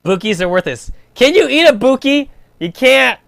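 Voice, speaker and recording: Young man, gaming streamer, high voice, rambling crude chat, dry close sound. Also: big pitch swings, moderate pace, gravelly, a bit bright, no room sound. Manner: rambling, crude, heavy use of filler "like".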